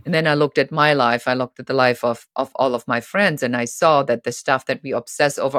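A middle-aged woman guest on a podcast, telling stories in a lively way and acting out the voices of people she quotes. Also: a bass voice, brisk, hardly any pauses, dry recording, clean studio sound. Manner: animated, acts out quoted voices. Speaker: guest author. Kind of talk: storytelling interview talk.

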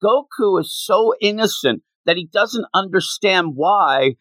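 A man's voice: high voice, animated, unhurried, fairly bright tone, no room sound. A young man co-hosting a manga podcast, retelling scenes with playful voices. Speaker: podcast co-host. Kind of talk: casual manga discussion.

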